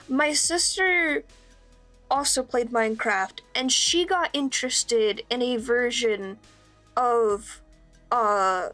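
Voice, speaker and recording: Woman, young adult, high voice, streamer, rambling casual chat, self-deprecating, laughs a lot, faint background music. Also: a bit bright.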